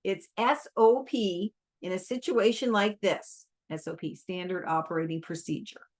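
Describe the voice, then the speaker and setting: A woman reading aloud, voicing a gruff, blunt army general who speaks in a curt, commanding way. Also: medium pitch, moderate pace, a little mellow, natural voice. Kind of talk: audiobook reading.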